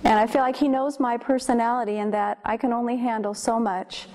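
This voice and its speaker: A woman sharing a personal testimony about her marriage, slow, gentle and sincere. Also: on the high side, fairly even intonation. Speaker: seminar speaker, wife.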